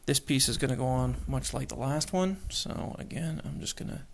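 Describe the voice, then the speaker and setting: Creaky and mid-range, this man's voice moves at a moderate pace as he narrates putting together a model kit. An adult with kids, he mutters and whispers to himself while working and cracks self-deprecating jokes, hobby-video style.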